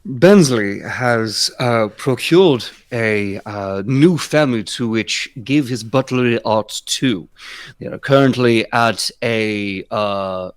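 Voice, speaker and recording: A man playing a tabletop game, narrating his character's actions in a relaxed, sometimes slow and halting way. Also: medium pitch, smooth, no room sound, clean studio sound. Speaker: player.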